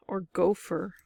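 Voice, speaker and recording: A woman's voice: on the low side, creaky, a little mellow, husky, dry recording, clean studio sound. A woman thinking aloud as she works through a word game, musing over guesses in casual commentary. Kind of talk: casual solo gameplay commentary.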